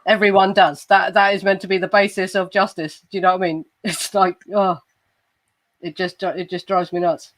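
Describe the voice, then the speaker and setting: An English woman co-hosting a casual true crime chat, animated and laughing easily. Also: medium pitch, normal speed, no room sound. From England. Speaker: co-host.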